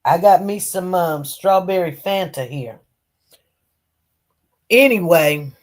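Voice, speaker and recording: A woman's voice: lowish voice, slow. A woman telling personal stories to her viewers in a casual, rambling way, with many fillers and repeated words.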